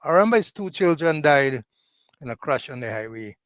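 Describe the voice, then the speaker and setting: A man's voice: fairly high pitch, lively intonation, brisk, a bit bright, dry recording. A man, a guest commentator, recounting past political events in a chat. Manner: storytelling, recounting.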